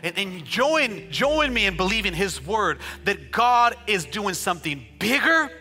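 A man preaching a sermon as a pastor, chatting and joking with the congregation before building up to loud, rhythmic declarations. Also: high voice, very animated, a little slow, soft background music. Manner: conversational preaching with jokes, rising to shouted declarations.

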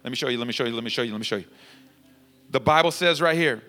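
A male pastor preaching a sermon, emphatic and repetitive, his voice climbing toward a near-shout as he drives points home. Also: mid-range voice, quick pace, long reverb tail, faint music behind. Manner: emphatic, repeats lines, rising to near-shouting. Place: church sanctuary.

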